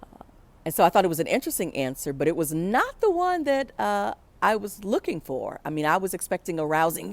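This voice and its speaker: Woman, personal storytelling, slightly low pitch, animated, reflective, acts out quoted voices. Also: a little fast, vocal fry, no room sound. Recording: pre-recorded for a virtual event.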